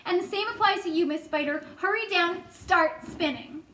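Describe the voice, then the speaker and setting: A woman voicing a young boy captain who shouts urgent, commanding orders. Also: very high voice, lively intonation, a little slow, voice pushed up, heavily acted. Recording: echoey room with faint noise.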